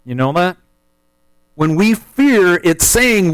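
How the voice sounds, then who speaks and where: A man, telling a hunting story in a folksy, animated way as part of a sermon. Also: high-pitched, slow, dry recording, poor audio. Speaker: speaker telling a testimony.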